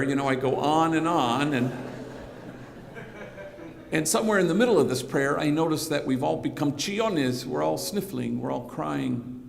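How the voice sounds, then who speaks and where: Gravelly man speaking in a reverberant hall. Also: fairly high pitch. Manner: anecdotal, conversational, sprinkles in slang. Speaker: priest giving a keynote speech. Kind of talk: storytelling keynote speech. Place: conference hall.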